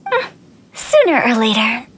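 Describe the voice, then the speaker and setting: A woman's voice: fairly high pitch, huge pitch swings, a little slow, breathy edge, exaggerated voice. An actress voicing a playful young woman who runs a funeral parlor, teasing and breezy, with morbid humor. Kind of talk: video game voice acting.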